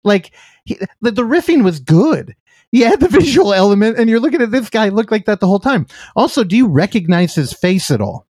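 Here a male podcast host talks casually about movies, often laughing and interrupting himself. He speaks briskly in a high, darkish voice that swings widely in pitch, and the studio recording is clean with no room sound.

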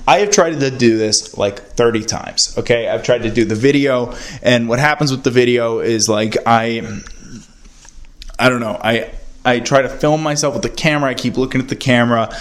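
A man's voice: medium pitch, normal speed. A young man hosting his own podcast, rambling and self-mocking as he talks into a handheld voice recorder indoors at a friend's house. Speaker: podcast host. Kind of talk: casual solo podcast rant.

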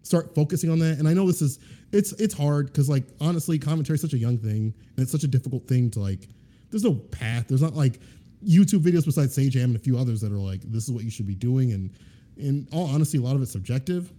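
A man chatting as a guest on a podcast, his voice very dark and mellow. He talks earnestly and rambles, stacking up fillers as he works through his thoughts. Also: medium pitch, lively intonation, fast talker. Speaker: guest fighting game commentator. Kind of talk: casual podcast chat.

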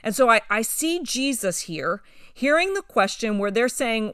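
A woman co-hosting a Bible study discussion, talking with enthusiasm and growing animated as she retells scripture. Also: medium pitch, normal speed, no room sound, clean studio sound.

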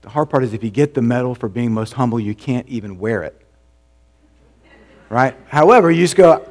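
A male pastor gives a conversational sermon, asking rhetorical questions and dropping to a soft, low voice for emphasis.

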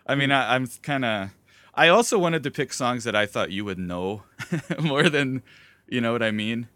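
Bright-voiced man with a Wisconsin accent. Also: mid-range voice, expressive, moderate pace, no room sound. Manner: laughs often, rambling with restarts. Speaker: podcast host. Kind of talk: casual chat.

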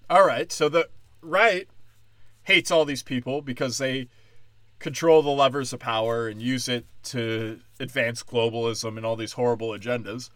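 A man's voice: medium pitch, fairly bright tone, dry recording. A man doing a sarcastic, rambling, profane stand-up comedy rant.

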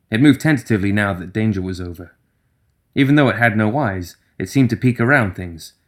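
A man reads a fantasy story aloud as an audiobook narrator, with a voice that sits fairly low. His delivery is even and steady, moving the story along without fuss.

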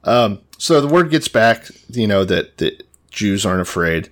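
A man's voice: on the low side, big pitch swings, measured pace. A man co-hosting a podcast who sums up the scripture story in a laid-back way, with plenty of swearing. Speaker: podcast co-host. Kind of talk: casual chat.

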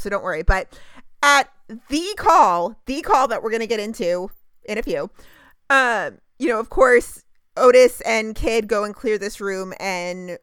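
A woman recapping a TV show on a podcast, gushing and animated, full of casual fillers. Her voice sits a bit high. It is recorded dry and close to the mic. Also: a little slow, clean tone, no echo. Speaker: podcast co-host.

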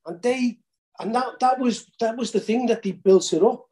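A man's voice: extremely high pitch, normal speed, mellow. A man hosting a podcast interview, hesitant and often restarting his sentences. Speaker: podcast host. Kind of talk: casual chat.

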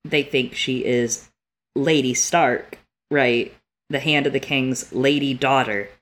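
This podcast co-host is a woman whose rumbling low voice moves slowly with fairly even intonation. On a casual book podcast she reads passages aloud, reacting emotionally, swearing freely, and growing tearful as she reads.

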